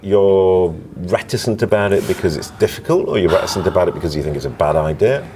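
A man hosting a podcast in casual conversation, chatty, with brisk interjections. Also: sits low, noisy background. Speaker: podcast host.

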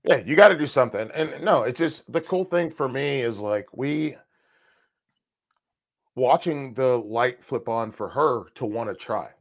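A man co-hosting a podcast, telling personal stories in a casual, animated way and swearing freely. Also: medium pitch, a little slow. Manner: animated, swears freely, acts out past conversations. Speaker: podcast co-host. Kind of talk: casual storytelling chat.

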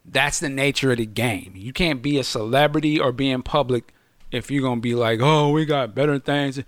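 Animated storytelling man, dry close sound. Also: mid-range voice, normal speed, no room sound. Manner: animated storytelling, acts out quotes loudly; slangy, swears freely. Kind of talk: casual chat.

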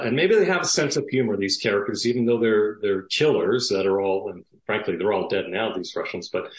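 A man, a former police detective, telling an animated story with lots of fillers and laughs. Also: on the low side, reverberant, poor audio. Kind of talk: conversational storytelling.

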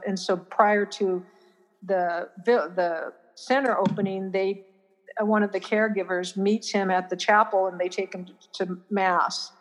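A middle-aged woman talking earnestly as an interview guest, often restarting and trailing off softly. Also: on the low side. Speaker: family caregiver, guest. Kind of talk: interview conversation. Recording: long reverb in a hall-like room.

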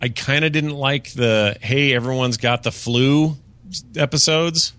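A man's voice: medium pitch, a little slow, fairly bright tone, no room sound. A man co-hosting a podcast in casual chat, rambling with many fillers and restarts. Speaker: podcast co-host. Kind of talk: casual chat reviewing a TV season. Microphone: podcast studio mic.

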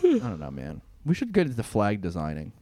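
A man co-hosting a comedy podcast in casual, deadpan chat, swearing freely. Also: fairly low pitch, fairly quick, no echo. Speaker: podcast co-host.

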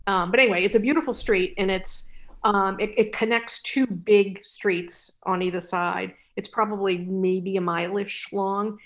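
A woman from New England with a mid-range voice co-hosts a podcast. She tells her story thoughtfully, stopping and restarting as she recalls details. Her delivery is relaxed and conversational. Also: mid-range voice, a little slow. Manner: thoughtful, hesitant, many fillers. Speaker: podcast co-host. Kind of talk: casual storytelling chat.

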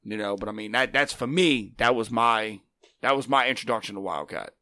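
A man's voice: on the low side, brisk, no echo, clean studio sound. A middle-aged man telling stories in a casual chat, acting out dialogue in different voices. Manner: animated, acts out dialogue in quoted voices. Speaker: wrestling trainer, guest. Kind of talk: casual storytelling.

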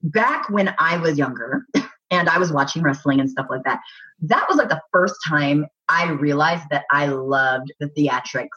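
A woman's voice: low-pitched, normal speed, sharp tone, slightly rough. A woman guest on an interview, chatting in a bubbly, gushing way with lots of restarts and laughter. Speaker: actress guest. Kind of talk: casual interview chat. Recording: muffled lo-fi audio.

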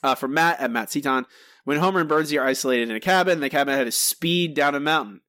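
A man hosting a podcast, reading listener answers aloud in a relaxed, chatty way with some self-corrections. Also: fairly high pitch, fast talker, no echo, studio quality. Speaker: podcast host.

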